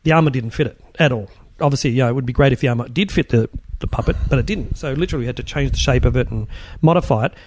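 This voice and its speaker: A man's voice: medium pitch, racing, hardly any pauses, darkish tone, a little hiss or hum. A middle-aged man, a guest in a casual interview, rambling with many restarts as he recalls his work. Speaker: guest, film puppet and props builder.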